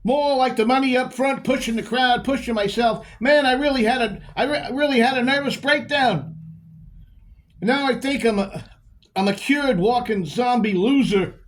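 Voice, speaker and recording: A man playing a rambling, emotional divorced guy. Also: sits high. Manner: halting monologue with repeated phrases and drawn-out words. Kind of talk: performed poetry monologue.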